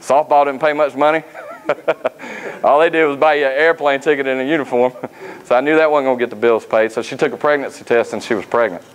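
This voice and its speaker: A man, giving a motivational speech at a sales academy. He tells folksy personal stories and pauses often on "uh.". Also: mid-range voice, fairly even intonation, rough recording. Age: 30s. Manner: folksy, anecdotal, frequent "uh" fillers.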